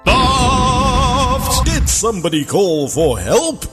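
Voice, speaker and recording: A man's voice: very high voice, lively intonation, over music, exaggerated voice. A man playing a grandiose wish-granting fairy. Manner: slow, theatrical pronouncements. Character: grandiose male news fairy granting wishes. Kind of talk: comedy radio ad skit.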